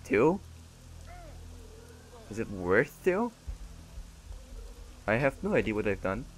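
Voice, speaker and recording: With slight background noise, a man with a fairly low voice takes his time but sounds very animated. He's a let's play gamer, joking and chatting through his gameplay and answering back to the characters on screen.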